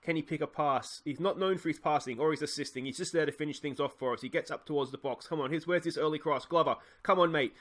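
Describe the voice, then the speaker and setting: A man casually commentating his football management game, cheering goals loudly and thinking aloud about tactics. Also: a little high, quick pace, few pauses, a little hiss or hum. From Australia. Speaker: gaming YouTuber playing a football management game.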